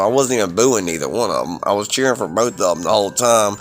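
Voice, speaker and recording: Low-voiced guy rambling about wrestling shows, hyped up, swears a lot, bit of music faint behind him. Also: quick pace, few pauses. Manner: excitable, rambling, lots of ums and swearing. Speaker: podcast host reviewing wrestling shows. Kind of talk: casual review chat.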